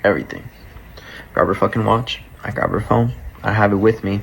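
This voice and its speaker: A man with a low, gravelly voice tells his story in a loose, profane way, acting out the lines of the people in it. Faint noise sits under his voice. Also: a little fast, poor audio. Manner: profane, animated, acts out quoted dialogue. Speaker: storyteller recounting a breakup. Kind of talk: casual storytelling.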